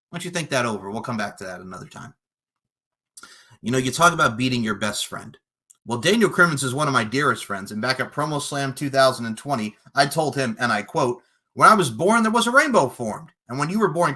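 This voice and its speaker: Cocky and taunting, a man delivers a fantasy wrestling promo while guesting on a podcast, veering from low menace to loud boasting.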